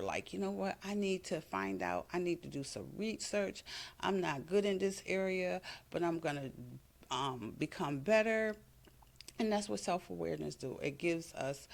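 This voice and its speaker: A woman's voice: sits low, creaky. A woman hosting a casual solo podcast from home, talking earnestly with frequent fillers and self-corrections as she reads from her notes. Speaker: podcast host.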